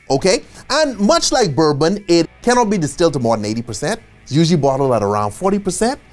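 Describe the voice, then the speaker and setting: A man giving an instructional bartending lesson, chatty and animated, who often checks in with a quick "okay?" and adds joking asides. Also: on the high side. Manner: casual and chatty, with asides and small laughs.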